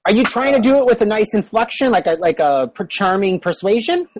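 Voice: medium pitch, expressive, fairly quick, background noise. A game master narrating a tabletop game, hesitant with frequent restarts. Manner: hesitant, many fillers and restarts.

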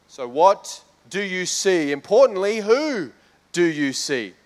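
A pastor preaching, his voice sitting somewhat high for a man. He talks in an easy, conversational way that climbs into fervent emphasis. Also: sing-song, takes it slowly. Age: adult with children. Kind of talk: sermon.

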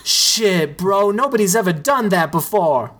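A reader voicing Tito, an excitable young male dancer who talks loud and swears, pitched well above the reader's own voice. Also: measured pace, exaggerated voice. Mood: hyped.

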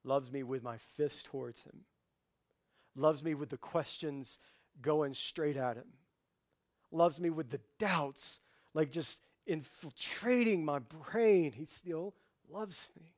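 Male pastor, forties, slightly high voice, chatty sermon delivery with sudden loud peaks, dry close mic. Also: slow pace, no room sound. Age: 40s. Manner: conversational preaching, swings from hushed to loud animated outbursts.

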